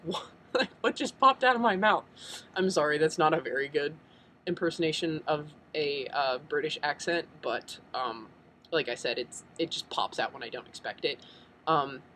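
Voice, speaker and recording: A man's voice: on the high side, a bit bright, a little hiss or hum, rough recording. A young American man chatting casually in a vlog, rambling and full of ums. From United States. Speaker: vlogger.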